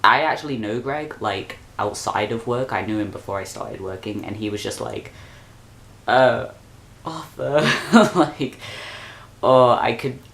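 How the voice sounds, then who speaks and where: A man's voice: fairly low pitch, moderate pace, gravelly, hardly any pauses, fairly bright tone. A young man, talking straight to camera in an exasperated, sweary rant for his vlog. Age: young adult. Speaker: vlogger.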